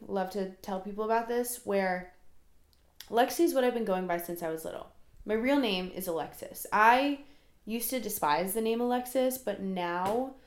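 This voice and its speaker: A young woman in her early twenties rambles through a solo podcast episode, chatty and quick to poke fun at herself. Her voice sits at an ordinary middle pitch. The room around her has a noticeable echo. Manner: rambling, chatty, self-deprecating. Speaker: podcast host. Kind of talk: casual solo podcast monologue.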